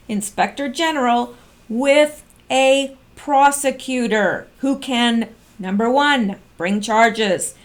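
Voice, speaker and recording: A woman reading posts aloud slowly and commenting on them in casual chat, with frequent ums and restarts. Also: fairly high pitch. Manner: reads slowly and comments with fillers. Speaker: online commentator.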